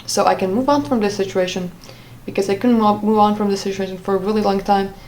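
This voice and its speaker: A woman's voice: medium pitch, steady tone, quick pace, darkish tone, low-quality recording. A woman telling a personal story in a vlog, talking hesitantly with many fillers and restarts. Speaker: vlogger.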